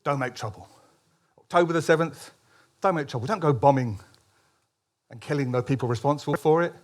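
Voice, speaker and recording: A man's voice: a little high, fairly quick. A man, a columnist, giving a public speech at a political meeting, emphatic, with frequent restarts and ironic asides.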